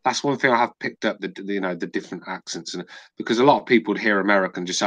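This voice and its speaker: English male co-host, slightly low, dry close sound, loose sweary storyteller. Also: quick pace, fairly bright tone, no room sound, rough recording. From England. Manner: chatty storyteller, swears casually. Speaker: podcast co-host. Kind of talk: casual podcast chat.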